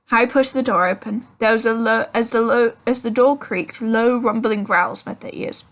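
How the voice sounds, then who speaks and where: A woman's voice: fairly high pitch, normal speed. A woman reading a children's novel aloud, with frequent ums and self-corrections. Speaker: audiobook reader.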